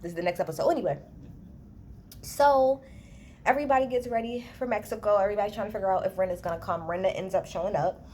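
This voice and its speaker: A woman recording a casual reality TV recap on a handheld phone, talking to her viewers in a blunt, animated rant full of profanity. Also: medium pitch, fast talker, a little hiss or hum. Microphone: handheld phone, no tripod.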